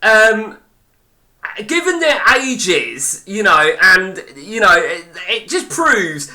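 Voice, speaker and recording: Sweary bright-voiced man. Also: high-pitched, very animated, takes it slowly. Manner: blunt and sweary, rambling with many fillers. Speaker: streamer playing a football management game. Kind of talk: live gameplay commentary.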